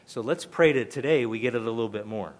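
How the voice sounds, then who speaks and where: An older male pastor delivers a sermon in a voice of ordinary middle pitch. He talks conversationally but with emphasis, repeating key points to drive them home. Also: fast.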